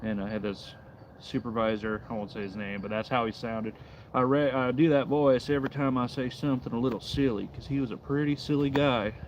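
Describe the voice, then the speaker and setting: A man's voice: medium pitch, fairly even intonation, fairly quick, slight background noise. A man casually chatting on a livestream outdoors in the cold, reading out and answering chat messages. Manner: laid-back, reads and answers chat while carving. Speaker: livestream host.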